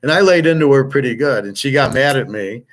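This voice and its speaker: A man's voice: mid-range voice, animated, a little fast, slight background noise. A middle-aged man with an ordinary mid-range voice talks through a personal grievance in a loose, rambling monologue. He is blunt and profane, restarts his sentences often, and quotes himself with heat. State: aching back, jet-lagged. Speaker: host. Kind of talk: casual personal storytelling monologue.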